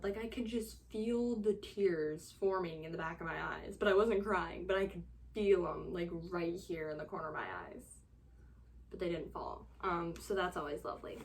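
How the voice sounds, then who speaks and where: A young woman book vlogger with a lowish voice chats casually in a reading vlog, with slight background noise. She rambles in an exasperated way, filling her talk with fillers and dramatic sighs.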